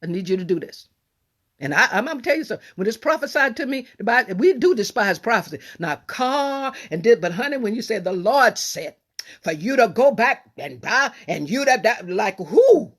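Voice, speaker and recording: A woman pastor preaching a sermon in a folksy, emphatic way, swinging from soft asides to raised cries. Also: a little high, animated, a little fast.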